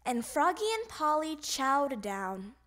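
A woman reads a children's picture book aloud, slowly and expressively. Her voice is high and lively. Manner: animated, expressive. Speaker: storybook reader. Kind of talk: children's storybook read-aloud.

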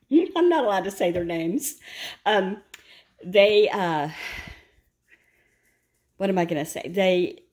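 Chatty woman, lowish voice. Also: a little mellow. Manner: chatty, rambling storyteller who laughs often. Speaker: vlogger. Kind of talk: casual chat while cooking.

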